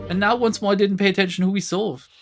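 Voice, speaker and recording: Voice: mid-range voice, steady tone, quick pace, soft background music. A streamer giving casual let's play commentary in an exasperated, sarcastic tone, often swearing.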